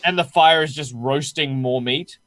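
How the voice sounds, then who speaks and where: A man's voice: medium pitch, moderate pace, a bit bright, no room sound. A man narrating as game master of a tabletop game, talking in a hesitant way with many fillers.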